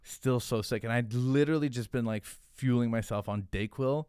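A man's voice: mid-range voice, moderate pace, a little mellow, smooth, no echo. A man, a podcast guest, telling a rambling, profane story in casual chat, full of "like". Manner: profane, rambling, heavy use of "like". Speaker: podcast guest, hot sauce founder.

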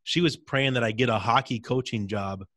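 A man's voice: mid-range voice, normal speed, fairly bright tone, dry recording. Intense guy in his 30s telling his life story, dry close mic. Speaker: interview guest, former pro hockey player. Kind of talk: testimony in a casual interview.

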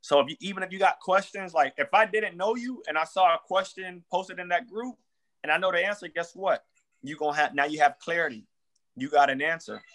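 A man's voice: fairly high pitch, a bit bright. A man, a real estate wholesaler, chatting casually on a podcast in loose slang and acting out sample phone calls.

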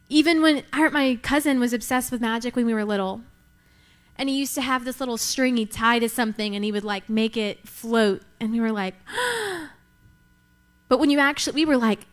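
Woman preacher, young, high voice, emphatic, repeats lines for effect. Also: fairly quick, a bit bright. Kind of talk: sermon.

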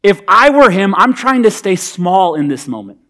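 Conversational male preacher, fairly high voice. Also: sing-song, moderate pace, a bit bright. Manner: conversational, humorous, emphatic. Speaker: pastor. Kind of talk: sermon.

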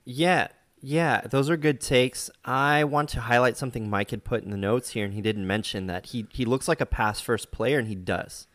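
A man's voice: medium pitch, normal speed, few pauses. Laid-back man hosting a sports chat. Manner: relaxed, joking, laughs at the chat. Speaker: podcast host. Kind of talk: casual sports podcast chat.

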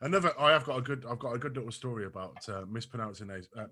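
Casual male co-host, very bright tone, lively and sweary storyteller. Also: mid-range voice, racing. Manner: animated, swears, laughs a lot. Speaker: podcast co-host. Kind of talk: casual banter.

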